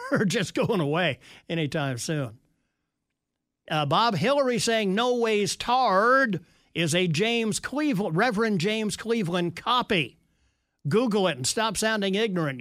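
Talk radio host, male, fairly high voice, dry close sound, sardonic delivery while reading texts. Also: a bit bright, no echo. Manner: wry, sarcastic asides.

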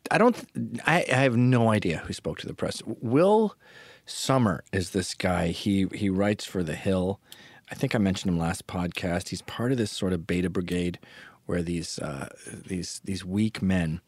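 A male podcast host rambles through a casual monologue, sarcastic and crude. His voice sits fairly low, and the sound is dry and close, with no room echo.

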